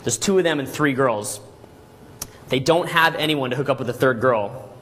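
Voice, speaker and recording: A man telling a story to a class as a dating coach, animated and constantly checking in with "right?" and "okay?". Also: medium pitch, moderate pace. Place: Los Angeles.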